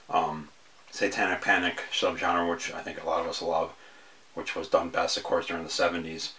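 A man with a very low voice talks through his film picks in a loose, casual way. He rambles, restarts sentences and fills pauses with ums as he goes. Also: fairly bright tone. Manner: rambling, hesitant, many fillers and restarts. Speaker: horror film reviewer. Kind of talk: casual video review.

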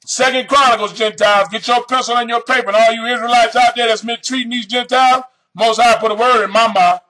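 A male preacher delivering a fiery sermon, reading scripture slowly and then breaking into shouted emphasis as he questions his listeners. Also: very high voice, steady tone, rough recording. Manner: addresses the audience directly with questions.

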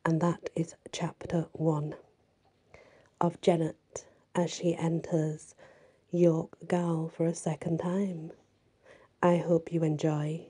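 A woman reads a story aloud in a soft narrating manner. Her voice is very dark and mellow, with a husky, breathy quality. Some passages fall to a whisper. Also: fairly low pitch, steady tone, slow. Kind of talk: storybook reading.

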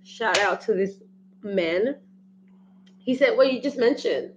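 A woman speaking as a guest on a casual livestream, frank and quick to laugh. Her voice sits somewhat high. A faint hum runs behind her. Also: animated, dull audio. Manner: frank, laughs easily, swears.

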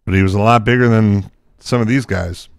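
A man's voice: lowish voice, fairly quick, gravelly, clean tone, no echo, clean studio sound. A man teaching from the Bible, reading scripture aloud and breaking into casual, chatty asides.

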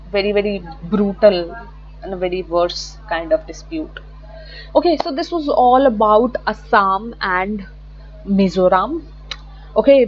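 A woman with a medium-pitched voice gives an online exam-prep lecture from slides, chatting freely, often correcting herself and repeating words. The audio is dull, with a little hiss or hum.

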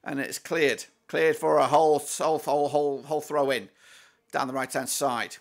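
A man hosting a live football watchalong, commentating excitedly as a fan, with swearing, fillers and restarts. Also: on the high side, a little slow, gravelly.

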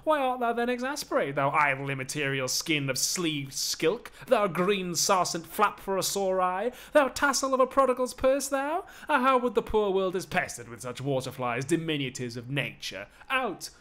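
A man's voice: sits high, expressive, pitched above the performer's own voice. A man voicing Thersites, a bitter and foul-mouthed Greek scoffer, spitting out insults in a live-streamed Shakespeare reading. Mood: scornful, railing. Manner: loud, scornful insults with drawn-out words.

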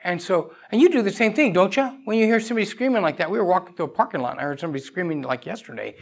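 A male pastor delivers a conversational sermon in a church sanctuary, his voice carrying a gravelly, creaky edge. He talks straight to the congregation, throwing questions at them and weaving in stories from his own life. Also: high voice, expressive, rapid-fire.

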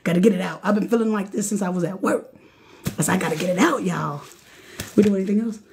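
A woman giving a late-night live tarot reading, casual and slangy, talking straight to her viewers and getting excitable, chanting and repeating herself. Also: medium pitch, quick pace, slight background noise. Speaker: tarot card reader.

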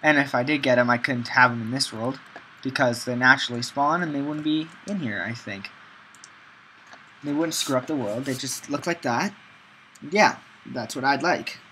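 A man's voice: mid-range voice, moderate pace, sharp tone, a little hiss or hum, rough recording. A man giving rambling gameplay commentary, talking to himself with many ums and chanting single words over and over. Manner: talks to himself, frequent ums. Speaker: gameplay video maker.

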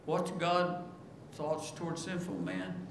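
A man preaching a sermon in earnest, repeating key words and rising in pitch as he pleads. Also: little pitch movement, slow, creaky. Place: church sanctuary. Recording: echoey church room with background noise.

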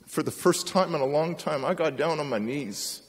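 In a big hall with a long, echoing reverb, a man with a slightly high voice delivers a motivational talk at an ordinary pace. He tells a personal story with drama, playing the characters himself.

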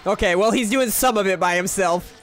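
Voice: medium pitch, fairly quick, fairly bright tone, faint music behind. A streamer chatting and joking casually while playing a game, rambling with stammered restarts.

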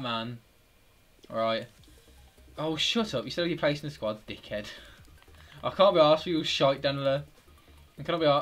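A young man with a British accent streams himself playing a football video game, his voice sitting a little high. He swears freely and jumps from low muttering to loud yelling at his players. Faint music plays behind him. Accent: British English. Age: 20s. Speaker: gaming streamer. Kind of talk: live gameplay commentary.

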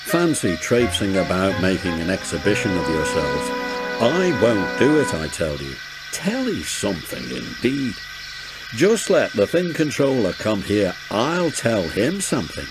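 Grumpy old storybook engine, low and slow, voiced by a male narrator. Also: very animated, loud music behind the voice, rough recording. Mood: grumbling. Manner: grumbling, huffy. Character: grumpy, proud older male steam engine.

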